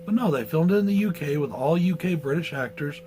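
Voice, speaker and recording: A man's voice: a little high, lively intonation, a little fast, warm tone, slight background noise, rough recording. Blunt, ranting male movie reviewer. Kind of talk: casual video review.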